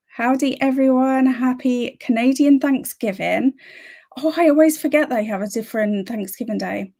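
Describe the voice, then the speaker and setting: A woman's voice: sits high, moderate pace, warm tone. A woman hosting a casual livestream, greeting viewers by name and chatting about her plans. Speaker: livestream host.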